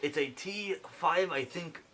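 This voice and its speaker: A man's voice: a little high, measured pace, sharp tone, slight background noise. Man with a joking put-on French accent. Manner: playful mock-surgical banter, fussy instructions. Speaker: mock surgeon fixing a computer. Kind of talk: joking home repair video.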